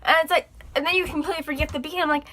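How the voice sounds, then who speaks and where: Bright, high-voiced young woman vlogger. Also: very fast. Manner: chatty and animated, acts out exasperated reactions. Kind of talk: casual chat to camera.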